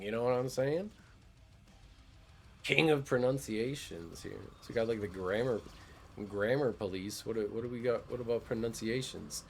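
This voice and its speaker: A man's voice: medium pitch, moderate pace, creaky, husky. A man streaming a game, chatting casually in a laid-back, joking way, swearing freely. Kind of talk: casual gameplay commentary.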